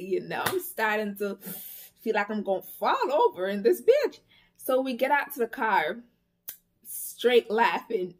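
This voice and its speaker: A young woman tells a story to her vlog camera. She talks casually and with spirit, full of slang and cussing, and breaks into quick quoted lines. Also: medium pitch. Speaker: vlogger.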